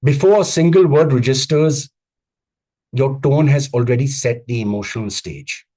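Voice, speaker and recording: Husky guy coaching over a video call, punchy repeated lines, slow deliberate pauses. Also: mid-range voice, mellow. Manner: emphatic, repetitive phrasing with deliberate pauses. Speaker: communications coach. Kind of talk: live online coaching talk.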